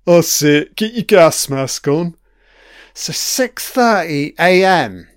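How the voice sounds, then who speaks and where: A man's voice: fairly high pitch, expressive, slow pace, clear, resonant tone, no echo, clean studio sound. A man giving a casual commentary on a TV episode, chatty and swearing freely, laughing along as he watches.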